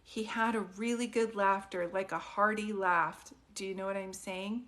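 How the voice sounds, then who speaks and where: A woman working as a psychic medium on a live stream who talks softly and gently, keeps asking questions, and speaks in a casual, chatty way. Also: mid-range voice, fairly even intonation, normal speed. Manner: soft, consoling, often asks questions.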